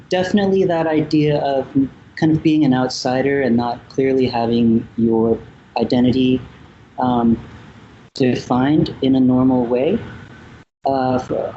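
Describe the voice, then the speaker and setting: A man from Vietnam speaks as a guest in a casual interview. He talks in a slow, reflective way, full of ums and pauses. His voice is mellow, and the dull, lo-fi recording carries a faint hiss. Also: mid-range voice. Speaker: musician guest.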